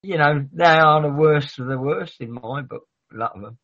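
A man's voice: on the high side, normal speed, fairly bright tone. A man talking in a rambling, sweary, argumentative way in a heated casual chat. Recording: dull lo-fi audio.

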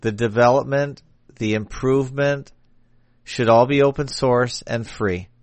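A man's voice: mid-range voice, unhurried, no room sound. A man hosting a casual streamed chat over a video call, opinionated and joking. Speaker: show host.

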